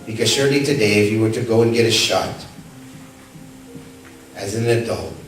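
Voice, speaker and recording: Male pastor, dynamic sermon delivery, loud calls and hushed asides, distant mic in a very echoey church with faint room noise. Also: moderate pace, faint music behind. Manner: swings between loud, high calls and soft, low asides; storytelling with rhetorical questions to the congregation. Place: church sanctuary.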